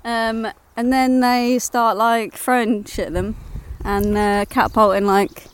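A woman's voice: fairly high pitch, level tone, unhurried, a little hiss or hum. A woman in casual chat, easygoing and laughing, in a parked van. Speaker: co-host.

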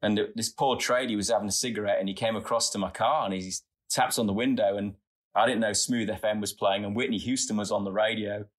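A man's voice: fairly low pitch, steady tone, quick pace. A middle-aged Australian man telling earnest, chatty stories as a guest in a casual interview. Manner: earnest, chatty, tumbling anecdotes. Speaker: podcast guest, founder.

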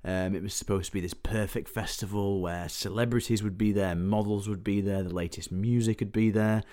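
A man, a film enthusiast guest on a podcast, summing things up in a relaxed, plain way. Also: on the low side, fairly quick. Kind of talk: casual chat.

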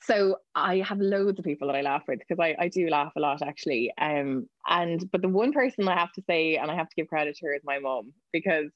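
A woman with an Irish accent, a news reporter chatting as a podcast guest, telling quick anecdotes and laughing often. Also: low voice, dry recording, lo-fi sound. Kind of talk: casual podcast interview.

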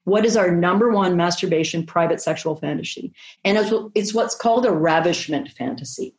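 A woman sex therapist speaking frankly in an interview, expressive and emphatic, with vivid asides. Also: fairly low pitch, brisk, reverberant. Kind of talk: candid conversational interview talk.

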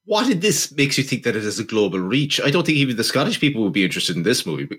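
A man co-hosting a casual film-review podcast. He talks in a dry, halting way and stumbles over his words. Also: medium pitch, big pitch swings, fairly bright tone, husky. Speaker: podcast co-host.

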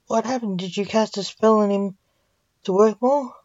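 A woman's voice: mid-range voice, moderate pace, a little mellow, dry recording, lightly acted. A woman reading the lines of a concerned young man, earnest and questioning toward his father, on a dull recording.

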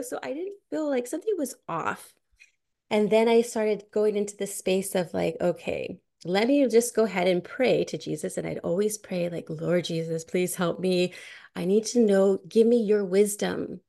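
A woman's voice: mid-range voice, expressive, normal speed, creaky, dark tone. A woman podcast host telling a personal story in a chatty way, full of "like" and frequent laughter. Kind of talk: casual conversational storytelling.

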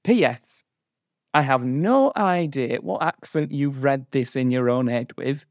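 A man's voice: mid-range voice, expressive, a little slow, no echo, studio quality. A man voicing an indignant, pompous parent who sounds off in a comedy sketch with haughty, theatrical outrage. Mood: outraged.

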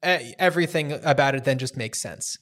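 A man co-hosting a podcast, chatting about films in a relaxed way and hedging with fillers. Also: medium pitch, brisk. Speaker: podcast co-host. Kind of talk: casual film discussion.

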